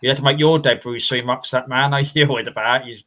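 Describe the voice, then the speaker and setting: A man's voice: mid-range voice, steady tone, fast, a bit bright. An English man hosting a casual live stream chat, rambling and repeating his words as he reads out viewer names. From England.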